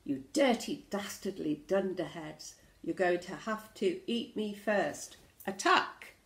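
A woman voicing a brave young pirate captain in a storybook read-aloud, with loud rallying calls. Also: medium pitch, big pitch swings, unhurried, creaky, echoey room. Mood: defiant. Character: brave boy pirate captain, bold and cheeky.

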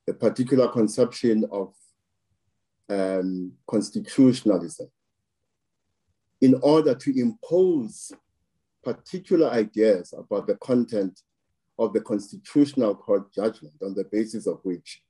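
A man from South Africa speaks in an interview with a very dark, mellow tone and a slightly husky edge. He talks slowly and deliberately, weighing each phrase as he builds his argument. His voice sits a little low. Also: low-quality recording. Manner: slow and deliberate, weighing words, occasional restarts. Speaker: political analyst. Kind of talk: interview commentary.

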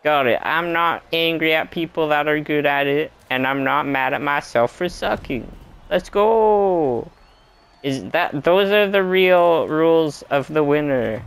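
A young man streaming a racing game, chatting to himself in a self-mocking, excitable way. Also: on the high side, unhurried, clear, resonant tone. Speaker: gameplay streamer. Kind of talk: casual let's-play commentary.

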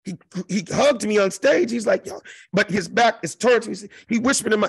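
Brief: comedian in his fifties from South Central LA, animated and profane storyteller, high and gravelly, dry close sound. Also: fairly quick, no room sound. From South Central Los Angeles. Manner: profane, animated, acts out the other voices. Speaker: comedian guest.

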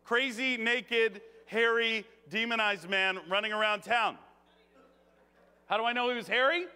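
A man preaching a conversational sermon in a church, joking, animated and laughing often. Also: very high-pitched, unhurried, clean tone. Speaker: guest preacher. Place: church sanctuary. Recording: long reverb of a church hall.

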